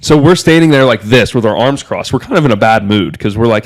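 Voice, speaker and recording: A young man from Miami tells a story on a podcast in loose, casual talk. He is excitable and rambling, and fills every pause with "like". His voice sits at an ordinary middle pitch for a man. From Miami, USA. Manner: excitable and rambling, heavy use of filler "like". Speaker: podcast guest telling a story.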